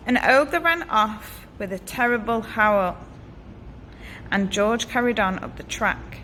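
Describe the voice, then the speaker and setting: A woman teacher reading a picture book aloud to children in a clear, expressive way. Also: on the high side, a little hiss or hum. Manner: expressive and animated, slow and clear. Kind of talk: storybook read-aloud for children.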